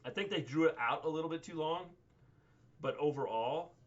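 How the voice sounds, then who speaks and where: A man co-hosting a casual livestream recap, talking in a measured way with frequent hesitations and "um"s. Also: fairly high pitch, dull audio. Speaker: co-host.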